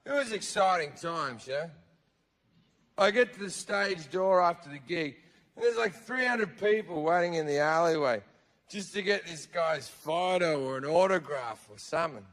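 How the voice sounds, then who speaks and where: An Australian man performing profane stand-up comedy, telling stories loudly on a big theatre stage. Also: a little high, animated, moderate pace, in a large hall. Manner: loud, profane storytelling with frequent shouting.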